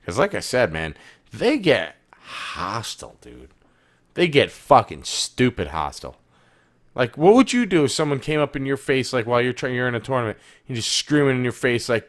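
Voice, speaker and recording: A man co-hosting a casual gaming podcast, swearing a lot and swinging between loud outbursts and low muttering. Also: sing-song, brisk. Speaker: podcast co-host. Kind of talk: casual chat.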